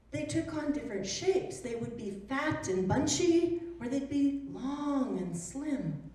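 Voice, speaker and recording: A woman storyteller telling a children's tale live in a gentle, expressive way, heard from a distant mic in a performance hall. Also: on the high side. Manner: slow, gentle, expressive narration. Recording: roomy echo from a distant mic.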